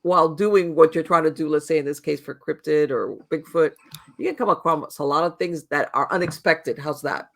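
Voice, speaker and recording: Raspy-edged male interview host. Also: a little high, a bit bright. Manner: chatty, laughs along, quick agreeing replies. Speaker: podcast host. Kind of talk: casual interview chat.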